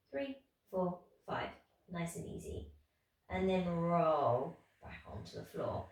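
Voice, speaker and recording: A tired woman in her thirties leading a pilates class, calmly talking through moves and counting reps. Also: fairly low pitch. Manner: calm instructing, counting reps. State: tired, yawning. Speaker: pilates instructor. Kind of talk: guided exercise class. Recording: echoey room from far off.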